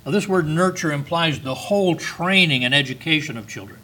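A man's voice: a little high, expressive, fairly quick, pushed and bright, poor audio. An older man preaching a sermon, reading scripture with earnest, emphatic stresses.

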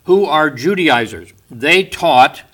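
Male Bible teacher, bright and forceful tone, explanatory lecture delivery that stresses key words. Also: fairly high pitch, lively intonation, slow pace.

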